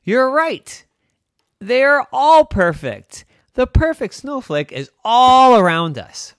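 A man voicing a brash woman pirate captain in a high, excitable voice for a bedtime story. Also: moderate pace, dry recording, studio quality, natural voice. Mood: excited. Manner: high excitable squeaky delivery.

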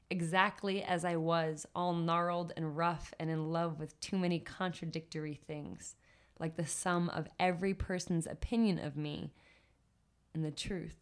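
A woman speaking as a podcast guest, chatting with enthusiasm and reciting her spoken word poetry with rhythmic emphasis. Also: on the low side. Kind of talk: casual chat and spoken word poetry reading.

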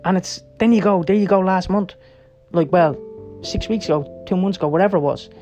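A middle-aged man with a high, slightly mellow voice rattles off blunt personal stories full of swearing. He rambles rapidly and keeps seeking agreement with "right?" and "yeah?" while faint music plays behind him.

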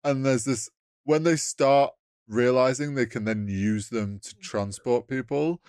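A man co-hosting a podcast, rambling through scenes and acting out bits of dialogue as he goes. His voice is mid-pitched and recorded dry and close. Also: unhurried, darkish tone, clean tone, no echo. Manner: rambling, acts out scenes with quoted lines, laughs often. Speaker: podcast co-host. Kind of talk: casual film review chat.

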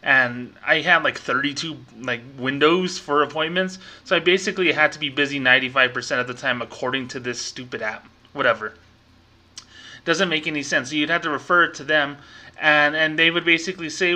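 A young podcast host and former bank employee frankly rants in a casual monologue, telling stories about his old bank job with acted-out quotes. His voice is on the high side, brisk, bright and forceful.

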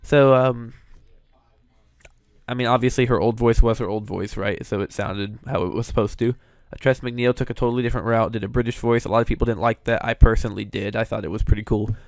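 A man's voice: mid-range voice, fairly even intonation, fast, no echo. A young man hosting casual commentary, an opinionated, chatty fan. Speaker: show host reviewing voice actors.

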